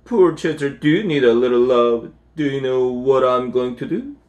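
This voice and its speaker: A man reading aloud and voicing a doting mother, who talks to the family pet in high, cooing baby talk. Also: expressive, normal speed, natural voice. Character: fussy doting middle-aged mother.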